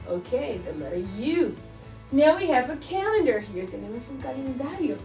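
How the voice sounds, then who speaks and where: A woman's voice: high-pitched, very animated, mellow, reverberant, recorded from a distance. A woman teaching a kindergarten phonics lesson, drawing out sounds and gasping playfully, with faint music behind her. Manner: slow, drawn-out sounds with playful gasps, switching between English and Spanish. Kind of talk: bilingual phonics lesson for children.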